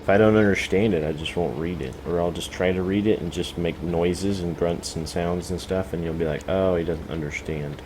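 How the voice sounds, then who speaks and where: A man's voice: deep voice, steady tone, brisk, few pauses, noisy background. A man streaming a farming game, chatting in a rambling, self-mocking way with lots of "you know" fillers. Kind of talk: rambling live-stream chat. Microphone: desk microphone, no camera.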